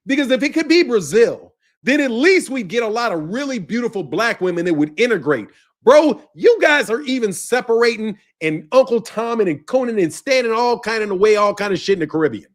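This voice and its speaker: Male commentator, profane off-the-cuff rant, high voice, swings all over in pitch. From United States. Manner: loud, profane, laughs between lines, fired up. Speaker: boxing channel commentator.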